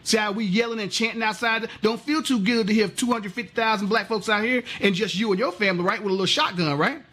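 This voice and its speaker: Heated husky man ranting. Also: high-pitched, quick pace, pushed and bright. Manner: heated, profane, rhetorical questions. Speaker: vlogger. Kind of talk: impassioned political rant.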